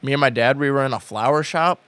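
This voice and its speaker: Young man with a smooth clear voice. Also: mid-range voice, quick pace, fairly bright tone, no room sound. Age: late 20s. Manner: rambling, enthusiastic, many fillers and restarts. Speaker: podcast co-host. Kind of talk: casual chat. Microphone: podcast studio mic.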